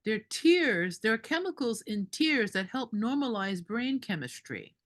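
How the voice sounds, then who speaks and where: A woman's voice: a little high, unhurried. Indignant woman doula telling a story. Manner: animated, indignant storytelling with laughs. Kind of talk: storytelling at a group meeting.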